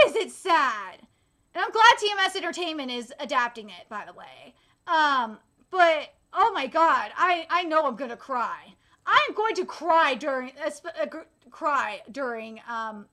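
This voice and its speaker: Excitable young woman gushing about anime. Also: high-pitched. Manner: gushing, excitable, swears, many fillers. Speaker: channel host. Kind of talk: casual anime news chat.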